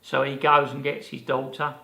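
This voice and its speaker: A man in his fifties, a podcast co-host, telling a lively anecdote in casual chat and acting out the people he quotes. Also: mid-range voice, moderate pace, creaky.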